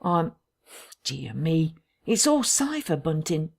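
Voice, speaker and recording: A woman's voice: sits low, very animated, slow, vocal fry, heavily acted. A woman voicing a nervous, fussy male village doctor in an audiobook. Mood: fretful.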